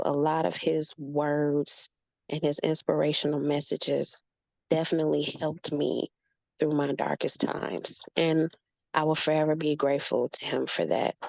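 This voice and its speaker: A woman sharing a heartfelt memory in a casual group chat, earnest and measured. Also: low voice, gravelly, darkish tone, no room sound, poor audio. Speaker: guest participant.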